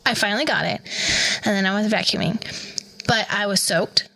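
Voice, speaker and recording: Bright-voiced woman telling a lively story. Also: medium pitch, moderate pace, gravelly, poor audio. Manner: animated, lively retelling with quoted voices. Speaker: podcast co-host. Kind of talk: casual storytelling chat.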